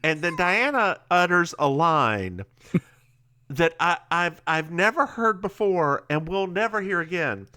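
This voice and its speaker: Lively Southern man recapping a show. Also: sits high, slow. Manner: animated, acts out quotes in silly voices. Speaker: podcast co-host. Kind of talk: casual comedic recap chat.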